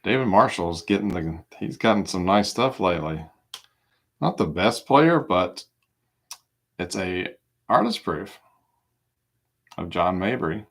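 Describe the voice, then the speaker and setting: Slow, gravelly low-voiced man. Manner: relaxed, reads off cards with small asides. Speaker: card break host. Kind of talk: casual live card-break commentary.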